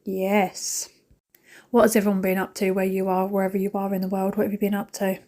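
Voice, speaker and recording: A woman's voice: medium pitch, completely flat delivery, brisk, dark tone. Chatty British woman vlogging while cleaning. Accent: British English. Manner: chatty, rambling, addresses viewers directly; emotional, self-mocking. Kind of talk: casual chat while cleaning.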